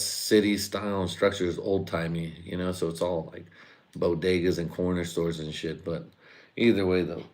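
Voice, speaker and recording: A low-voiced man rambles through a profane comedy monologue on a live stream, dropping into mock voices and laughing at his own jokes.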